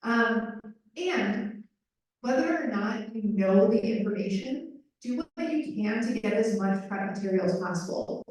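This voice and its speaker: A woman's voice: mid-range voice, lively intonation, a little slow, darkish tone. Woman voice interpreter for a live panel, conversational with "um"s, heard from far off in a very echoey room. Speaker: sign language voice interpreter.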